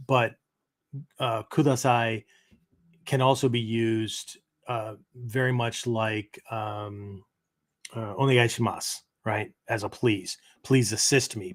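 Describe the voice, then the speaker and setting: A middle-aged man hosting a podcast, explaining phrases in a casual, rambling teaching style and tagging nearly every sentence with "right?" or "okay?". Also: fairly low pitch. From United States. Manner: peppers talk with "right?" and "okay?"; rambling, self-correcting explanations. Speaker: martial arts podcast host.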